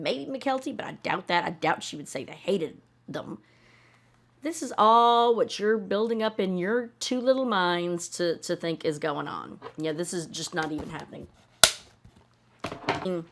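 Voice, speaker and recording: A woman commenting on a reality show in a blunt, sarcastic, swearing rant. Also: lowish voice. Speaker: reaction video host.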